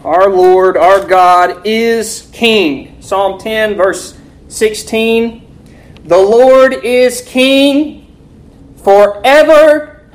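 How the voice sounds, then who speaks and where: A woman's voice: lowish voice, poor audio. Emphatic woman teaching a Bible lesson. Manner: emphatic, quizzing listeners with rhetorical questions; reads scripture slowly and forcefully.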